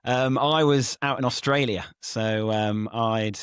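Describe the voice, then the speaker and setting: A young man from East Kent co-hosting a casual podcast, talking in a relaxed, halting way. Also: mid-range voice, smooth, no echo, clean studio sound. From East Kent, England. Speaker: podcast co-host. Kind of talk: casual chat.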